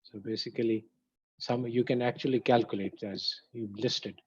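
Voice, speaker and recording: Male teacher, calm explainer, slightly husky, muffled dry line. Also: medium pitch, moderate pace, dry recording. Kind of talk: lecture feedback.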